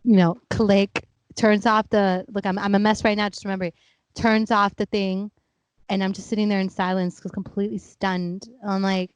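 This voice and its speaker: A woman's voice: mid-range voice, moderate pace, smooth, no echo. A woman in her thirties, a podcast co-host, telling stories in casual chat and acting out her family's voices. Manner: animated storyteller, acts out family members; laughing, chatty.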